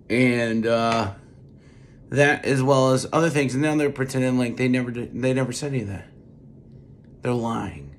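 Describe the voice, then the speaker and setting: A podcast host, speaking with a hoarse, strained voice after losing it, ranting in casual political commentary with repeated words. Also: male voice, lowish voice, slight background noise. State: lost his voice.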